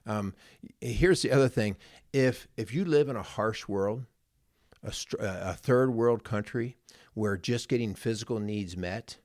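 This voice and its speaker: A man's voice: fairly low pitch, a little slow, darkish tone, no echo, studio quality. A middle-aged man, a marriage coach co-hosting a podcast, telling a personal story in an earnest, rambling way. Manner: earnest, rambling, repeats words. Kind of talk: casual chat, storytelling.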